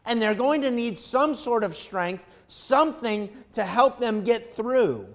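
A male pastor preaching an animated sermon, swinging from quiet reflection to loud excitement. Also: very high voice, measured pace.

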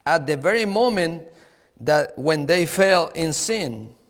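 A man preaching a sermon, slow and emphatic, repeating key words and chuckling now and then. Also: on the high side, expressive, big-room sound.

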